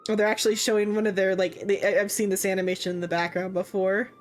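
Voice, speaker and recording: A woman's voice: mid-range voice, level tone, fast talker, soft background music. A woman live-streaming a game, chatting casually and laughing often. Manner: giggly, laughs often between remarks.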